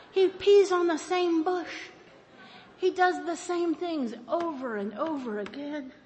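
A woman tells a personal story at a recovery meeting, animated and quick to laugh at herself. Her voice sits high. A long hall reverb trails each phrase over a faint background hum. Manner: animated, self-mocking, laughs often.

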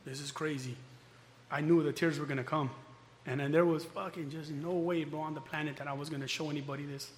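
A middle-aged man tells his own hard story in a candid, rambling way, swearing freely and circling back on his words. His voice sits a little high. The recording has a long reverb and a faint hiss behind it. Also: flat delivery, quick pace. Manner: candid, rambling, swears often, many restarts. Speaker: former prisoner telling his story. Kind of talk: personal storytelling.

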